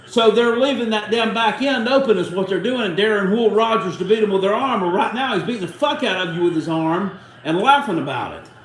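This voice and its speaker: A man's voice: high voice, lively intonation, a little fast, fairly bright tone, reverberant, poor audio. A man hosting a live fan watchalong, reacting in a heated, profane, sarcastic way. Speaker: host of a fan watchalong stream. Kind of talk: live casual fan commentary.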